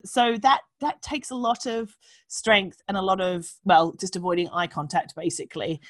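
Woman, frank and animated, swears freely, dry close sound. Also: mid-range voice, moderate pace, dry recording. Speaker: podcast guest. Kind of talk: candid conversational chat.

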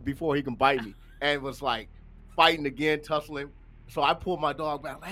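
A man co-hosting a podcast, telling a story in casual chat and loudly acting out his own quotes. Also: on the high side, fairly even intonation, a little fast. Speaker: podcast co-host.

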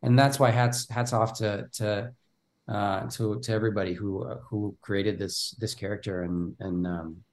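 A man's voice: lowish voice, flat delivery, normal speed. A man from Bulgaria, an actor giving an interview in casual conversation, speaking animatedly and often repeating words as he starts his thoughts. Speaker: actor guest.

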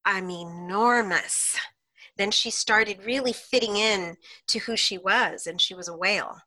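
A woman guest, a hypnotherapist, telling client stories in an animated way on a podcast and laughing often between lines. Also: medium pitch, normal speed. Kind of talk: podcast interview storytelling.

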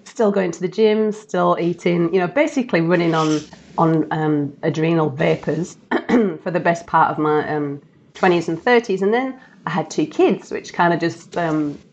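A woman's voice: on the low side, normal speed, highs cut off, slight background noise. A woman, a podcast guest chatting candidly in a casual interview, full of fillers. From Australia.

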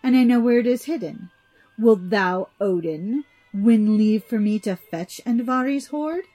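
A woman's voice: a little high, a little slow, soft background music. A woman playing a mocking trickster god. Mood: sharp. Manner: sharp, scornful.

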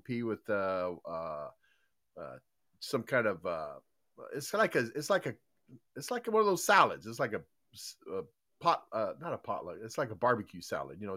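Older man, podcast host: loose, chummy, rambling, with a lively swinging pitch. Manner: rambling, loose, many fillers and restarts; chummy, folksy greetings to listeners. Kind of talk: casual live podcast chat.

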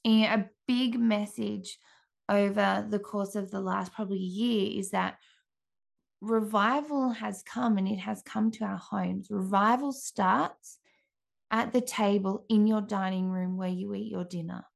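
A woman in her thirties, a mother, giving an earnest, gentle devotional talk with frequent restarts. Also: mid-range voice, steady tone, measured pace, gravelly.

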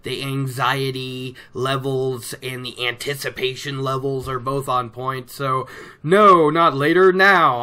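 A man chatting casually as he recaps a book, animated and laughing, acting out characters' lines. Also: mid-range voice, takes it slowly, smooth. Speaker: book discussion host.

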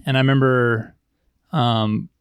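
A man's voice: mid-range voice, steady tone, takes it slowly, smooth, no echo. A man hosting a casual conversation, easygoing and chatty, with a skeptical bent. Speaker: host.

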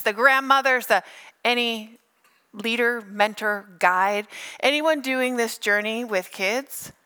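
A middle-aged woman pastor giving a sermon, animated and playful, telling stories with funny asides. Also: a little high, smooth.

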